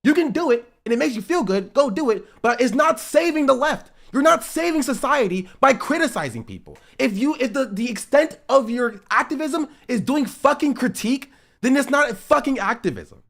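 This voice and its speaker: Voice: high-pitched, sing-song, moderate pace, creaky, fairly bright tone. A streamer ranting at their live chat, lecturing in short repeated punchy phrases and swearing freely. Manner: lecturing, repetitive, profane, punchy. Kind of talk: heated livestream rant at chat.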